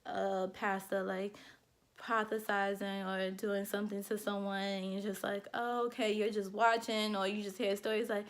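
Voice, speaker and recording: A woman's voice: medium pitch, flat delivery, moderate pace. A young adult woman talking to camera in a candid personal vlog, earnest and heartfelt, rambling with lots of fillers. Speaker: vlogger.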